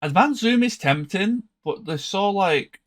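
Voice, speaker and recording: A man's voice: high-pitched, lively intonation, a little slow. A tired man streaming a strategy game, thinking aloud with hesitant, trailing casual commentary. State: tired, yawning.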